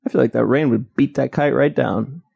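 A man co-hosting a podcast, goofy and quick to interrupt and laugh in casual chat. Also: medium pitch, gravelly, darkish tone, breathy edge. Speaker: podcast co-host.

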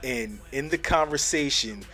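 A man's voice: mid-range voice, unhurried, bright, forceful tone, soft background music. A man co-hosting a podcast in casual chat, earnest and searching, swearing freely. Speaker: podcast co-host.

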